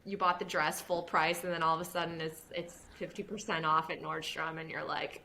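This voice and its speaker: A woman and former news reporter, now a podcast host, talking casually in an interview, animated and laughing often. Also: deep voice, fairly quick, vocal fry, hardly any pauses. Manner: animated, laughs often, mimics others in quotes.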